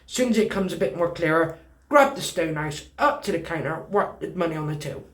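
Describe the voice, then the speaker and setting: A man's voice: a little high, brisk, roomy sound. A man with a British accent telling a personal story in casual talk, acting out the dialogue and swearing freely. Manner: animated, swearing, acts out dialogue.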